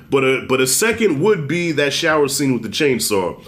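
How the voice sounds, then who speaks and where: A man co-hosting a casual horror movie review, blunt and profane, telling scenes with animated storytelling. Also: medium pitch, moderate pace, hardly any pauses. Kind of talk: casual spoiler discussion.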